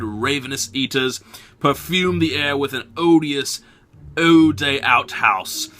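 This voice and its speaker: Putting on a British accent, a man reads a game manual story aloud like a storybook narrator, theatrical and swooping. His medium-pitched voice sounds pushed and bright.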